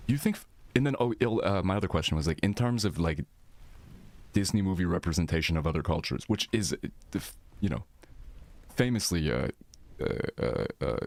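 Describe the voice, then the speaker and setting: Man, live streamer, deep low voice, casual rambling chat, profane, reacting to viewers. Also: lively intonation, a little fast, a little mellow.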